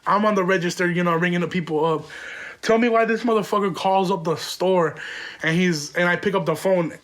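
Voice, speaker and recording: A man's voice: sits high, fairly quick, a bit bright. A young man hosting a podcast, telling a profane, rambling story in a casual way and laughing often. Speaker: podcast host.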